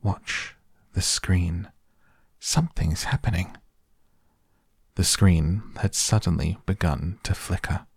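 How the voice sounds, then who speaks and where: Deep, gravelly male audiobook narrator. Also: dry recording, clean studio sound. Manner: measured, expressive storytelling.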